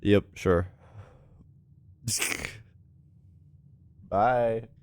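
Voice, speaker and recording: A man with a fairly low voice chats casually on a live stream while playing a puzzle game. He rambles, fills pauses with ums and laughs often. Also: steady tone, a little hiss or hum.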